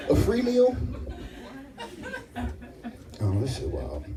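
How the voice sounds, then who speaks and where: A man's voice: mid-range voice, slow pace, recorded from a distance, some chatter behind, slight background noise, rough recording. A young man performing a stand-up comedy set, telling stories and acting out the other people in them. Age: young adult. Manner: animated storytelling with acted-out voices. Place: live comedy venue.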